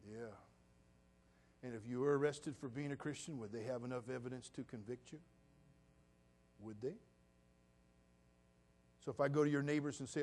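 A man, preaching a sermon as pastor to his church, moving from quiet confiding talk to loud, emphatic preaching. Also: medium pitch, moderate pace, pauses often.

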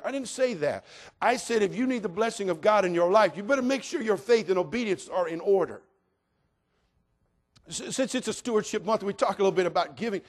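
A man preaching a sermon as pastor, folksy and full of jokes, swinging between loud declarations and hushed asides. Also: high voice.

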